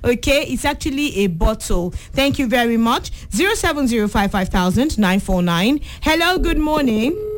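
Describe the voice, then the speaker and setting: A woman hosting a children's call-in radio quiz, brisk and encouraging, repeating each question for the young callers. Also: fairly high pitch, lively intonation. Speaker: radio quiz show host.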